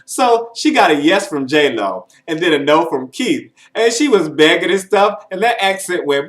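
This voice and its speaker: Animated, chatty male commentator. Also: on the high side, a little fast, reverberant. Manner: chatty and animated, with mock-shocked asides. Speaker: show commentator. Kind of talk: casual recap commentary.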